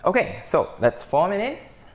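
A man with a high-pitched voice talks at a measured pace over heavy background noise. Hosting a casual cooking podcast, he cooks and tastes as he goes, often bursting into excited, delighted exclamations.

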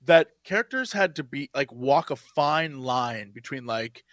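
A man's voice: mid-range voice, animated, measured pace, a bit bright, dry recording, clean studio sound. A man co-hosting a podcast in casual chat, complaining emphatically and with animation. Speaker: podcast co-host.

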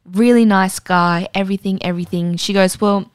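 A woman, co-hosting a casual podcast and telling an animated story, acting out the voices. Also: mid-range voice, a little fast, few pauses, clean tone, dry recording. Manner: animated, acts out voices in stories. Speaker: podcast co-host.

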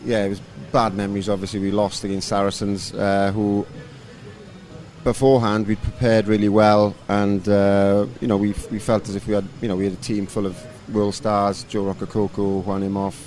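A man in his thirties, a rugby coach, answering interview questions in a relaxed, rambling way with lots of fillers. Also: lowish voice, moderate pace, soft background music. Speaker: rugby coach and former player.

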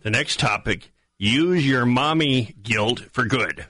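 A man hosting a radio interview, briskly and amiably reading out each topic. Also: medium pitch, bright, forceful tone, no echo. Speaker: radio host.

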